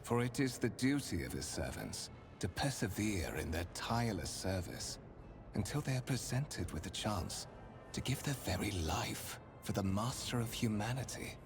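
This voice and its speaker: Game voice: a formal noble spymaster, lowish and melodic, over score. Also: male voice, very animated, background noise. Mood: reverent. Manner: measured, formal, courtly delivery. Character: refined male noble spymaster, calm and courtly. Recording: game voice with music behind.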